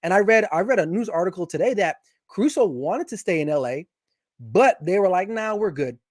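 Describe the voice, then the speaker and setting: A man with a notably high voice talks sports as a guest, animated and opinionated. He often restarts his sentences as he builds a point. The sound is dry and close, with no room echo. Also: fairly quick. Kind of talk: casual sports chat.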